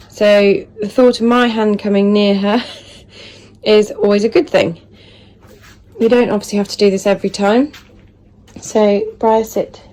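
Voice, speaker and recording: A woman, a dog trainer, explaining hand feeding while filming on a phone held in her hand and softly praising her puppy. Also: medium pitch. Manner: soft murmured praise to the puppy. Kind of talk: casual instructional talk.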